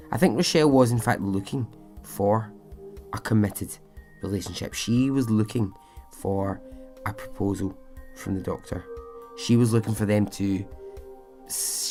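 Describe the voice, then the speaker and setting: A man narrates a true-life story in a relaxed, chatty podcast manner. His voice sits a little low, and he drifts into asides and fillers as he goes. Soft music plays faintly behind him. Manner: chatty, conversational asides, frequent "you know".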